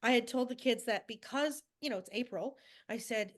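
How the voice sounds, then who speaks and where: A woman with a slightly high voice chats as a podcast co-host. She tells classroom stories in a lively way, slipping into the voices of the people she quotes. Her delivery stays relaxed and conversational. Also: moderate pace. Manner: animated storyteller who acts out quoted voices. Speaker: schoolteacher. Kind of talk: casual chat.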